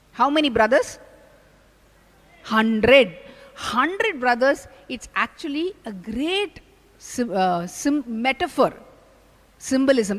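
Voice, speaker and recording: A woman giving a storytelling spiritual discourse, animated and asking the audience questions. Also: high voice. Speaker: spiritual speaker. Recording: long hall reverb.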